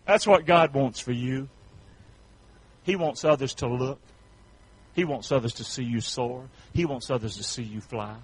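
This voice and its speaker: A North Carolina pastor with a Southern accent preaches a folksy sermon, swinging from shouts to soft asides and calling out to the congregation for amens. His medium-pitched voice is slightly rough and a little slow, with frequent pauses, on a low-quality recording.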